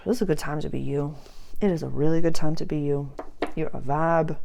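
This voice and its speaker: A woman's voice: low voice, steady tone, brisk, creaky, dark tone. A woman giving a casual spoken astrology and tarot reading, earnest and emphatic, often repeating phrases for emphasis.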